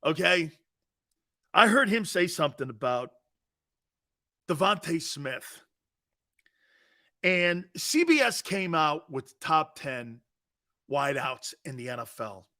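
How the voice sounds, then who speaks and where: Male sports talk host, bright high voice, unhurried, playful ribbing of callers. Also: sing-song. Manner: teasing, joking, often laughing, responds to chat. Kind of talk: live sports talk show banter.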